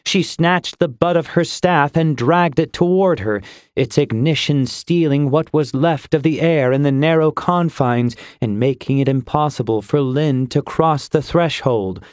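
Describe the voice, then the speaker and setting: A man reading a fantasy audiobook in measured, steady storytelling, close to a studio mic. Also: a little high, no echo. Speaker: audiobook narrator. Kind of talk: scripted fantasy narration.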